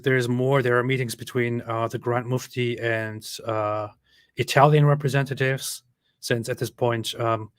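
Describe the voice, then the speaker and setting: A man's voice: mid-range voice, no echo. Sardonic male commentator, dry close sound. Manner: sardonic, joking asides. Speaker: online commentator. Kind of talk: commentary with read-out document.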